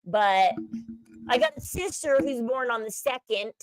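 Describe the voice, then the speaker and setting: Here a woman's fairly high, sing-song voice comes through a low-quality recording with no room sound, her pace a little slow. As host of a casual livestream, she chats with her audience, voices opinions freely, and reads out the chat.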